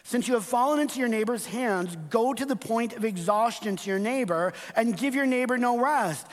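A man's voice: very high voice, moderate pace. A middle-aged male pastor preaching a conversational sermon, telling stories and checking in with the congregation with frequent asides. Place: church sanctuary. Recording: long reverb of a church hall.

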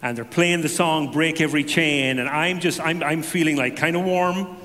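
A man giving a personal testimony to a congregation, telling it as an animated story with self-deprecating humor. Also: a little high, normal speed, long reverb tail.

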